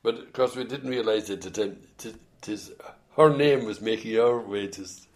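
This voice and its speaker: A man's voice: fairly low pitch, moderate pace, hardly any pauses. An older man with an Irish accent telling rambling stories in an oral history interview, full of hesitant restarts. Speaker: interviewee, former band musician.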